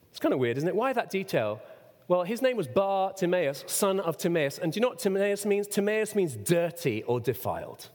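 A man preaching a sermon, who asks the congregation questions and sometimes breaks into a shout. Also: a little high. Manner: expressive preaching, rhetorical questions, sudden shouts. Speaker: pastor. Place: church. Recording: long reverb of a church hall.

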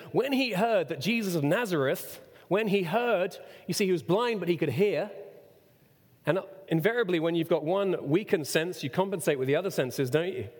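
Preacher with a lively, ringing voice in a hall. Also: male voice, on the high side. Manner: expressive preaching, rhetorical questions, sudden shouts. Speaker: pastor. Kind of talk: sermon. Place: church. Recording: long reverb of a church hall.

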